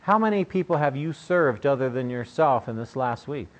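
A man's voice: medium pitch, expressive, normal speed. An older man preaching a sermon in a conversational, joking way, often asking his listeners questions. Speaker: pastor. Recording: dull lo-fi recording.

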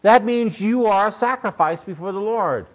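A man's voice: high-pitched, normal speed. An older man preaching a sermon in a conversational, joking way, often asking his listeners questions. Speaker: pastor. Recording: dull lo-fi recording.

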